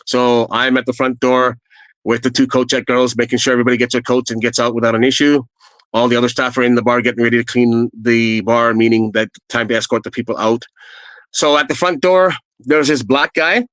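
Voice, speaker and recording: A middle-aged man recounts his own past in casual, meandering anecdotes, often pausing on "um" and "uh." His pitch sits in an ordinary middle range for a man. The recording is dry, with no audible room. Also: little pitch movement, fairly bright tone, no room sound, poor audio. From Canada. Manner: earnest, rambling anecdotes with fillers. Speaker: storyteller guest. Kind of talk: casual first-person storytelling.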